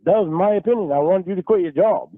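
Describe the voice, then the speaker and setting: An angry man rants and swears at someone during a phone call. His voice sits a little high and comes through a narrow, tinny phone line. The sound is close and dry. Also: fast talker, no room sound. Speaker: caller in a recorded phone call. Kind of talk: heated phone argument.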